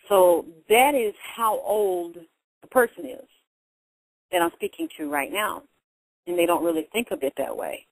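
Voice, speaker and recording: A woman's voice: lowish voice, lively intonation, moderate pace, no echo, rough recording. A woman speaking in a casual monologue, blunt and profane, repeating points for emphasis. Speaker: vlogger giving life advice.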